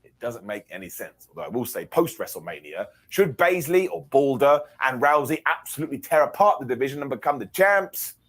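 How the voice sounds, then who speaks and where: A man's voice: medium pitch, big pitch swings, fairly quick, hardly any pauses. A man co-hosting a podcast, recapping wrestling in a playful, self-mocking way. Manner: playful, self-mocking storyteller who acts out quotes. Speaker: podcast co-host.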